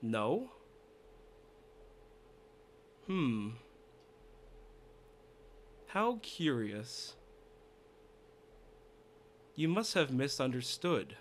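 A man reading a cold, menacing demonic child spirit from a video game aloud, in a slow, low, ominous delivery. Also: very animated, a little hiss or hum.

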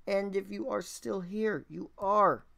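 A man's voice: high voice, takes it slowly, vocal fry, pushed and bright. A man hosting a music reaction video, talking casually and enthusiastically, thinking aloud and swearing now and then.

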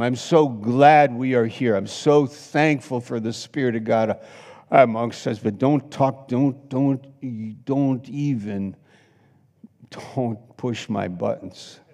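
A man pastor preaching a sermon with passion, swinging between loud exclamations and hushed asides. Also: medium pitch, slow pace. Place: church sanctuary. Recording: long hall reverb.

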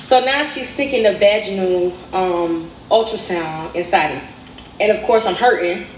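A woman's voice: medium pitch, normal speed, far from the mic, a little hiss or hum. A young woman, telling a personal storytime and acting out the people in it. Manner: conversational, retells dialogue. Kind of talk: storytime narration. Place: played clip inside a reaction video. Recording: echoey clip heard from afar.

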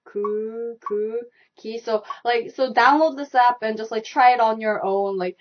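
A woman with a Korean accent teaching a live online language class, repeating steps slowly and laughing often. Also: a little high, steady tone, muffled recording. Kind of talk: live-streamed language lesson.

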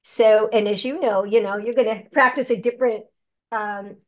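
Her fairly high voice moves at a moderate pace as this older woman, an experienced actress and voice actor, guests in a conversational interview. She spins stories animatedly, chatting away and dramatizing the quotes.

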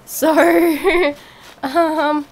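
A young woman giving casual let's-play commentary, chatty and excitable, cheerfully swearing at the game. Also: sits high, drawn-out words, slight background noise. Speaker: gaming video creator.

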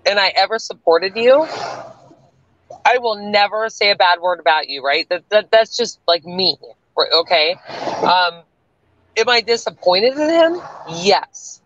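A woman's voice: medium pitch, lively intonation, a little slow, a bit bright, lo-fi sound. A woman from the US South with a Canadian-tinged accent, talking bluntly and with plenty of swearing as a guest on a livestream. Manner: blunt, profane, defiant. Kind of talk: livestream chat.

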